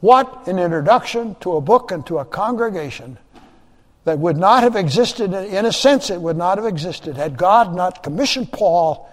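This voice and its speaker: High-voiced preacher in a reverberant hall. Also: male voice. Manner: emphatic preaching, repeats phrases, rising and dropping loudness. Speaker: pastor. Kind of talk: sermon.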